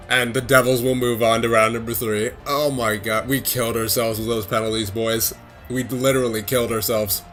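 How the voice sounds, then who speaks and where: An excitable young man talking over his hockey video game, calling each play and cheering or groaning at what happens on screen. His voice sits at an ordinary middle pitch, and there is faint music underneath him. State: out of breath at times. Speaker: gaming video creator. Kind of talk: casual gameplay commentary.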